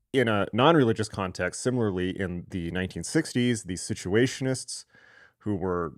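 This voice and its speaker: A man's voice: low voice, darkish tone, dry recording, studio quality. A man hosting a live online lecture, reading sources aloud and breaking off for irreverent, sarcastic comments. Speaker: host.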